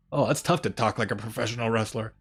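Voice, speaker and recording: A man with a low-ish, slightly rough voice hosts a casual live stream from a room at home by an open window. He rambles, mocks himself, and often trails off mid-thought.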